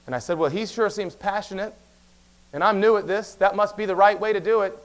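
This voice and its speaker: Guy preaching in church, talks super fast, high-ish voice, lively storytelling. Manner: animated storytelling with quick asides. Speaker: pastor. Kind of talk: sermon. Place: church sanctuary.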